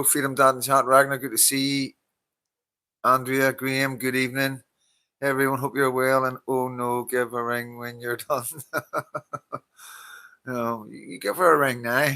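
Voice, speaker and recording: A man's voice: medium pitch, sharp tone, no room sound. A tired Northern Irish man hosting a casual live stream, greeting viewers by name, laughing often and swearing freely. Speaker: livestream host reading viewer comments.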